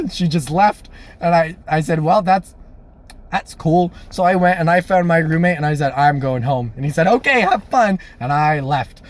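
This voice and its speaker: A young man casually telling a personal story, animated and laughing, acting out the voices of people he quotes. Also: a little high, moderate pace. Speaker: storyteller vlogger.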